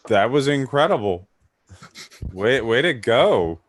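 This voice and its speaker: A man playing a tabletop game, chatting in a laid-back, drawn-out way. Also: mid-range voice, sing-song, no room sound. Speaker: player. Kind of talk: casual chat at a tabletop game.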